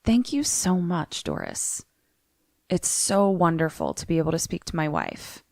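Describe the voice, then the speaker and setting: A woman quoting a calm, gentle priest. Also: fairly low pitch, moderate pace, no echo, clean studio sound, natural voice. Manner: soft and composed. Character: calm, gentle middle-aged male priest.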